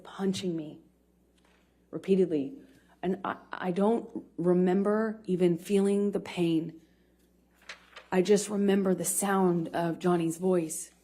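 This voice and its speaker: A woman testifying as a witness in court, speaking haltingly with frequent pauses and restarts. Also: mid-range voice, dark tone, breathy edge.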